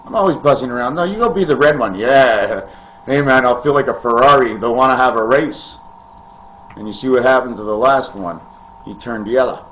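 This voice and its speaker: A man vlogging in a meandering, free-associating monologue to camera, with sudden loud bursts. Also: mid-range voice, moderate pace, slight background noise.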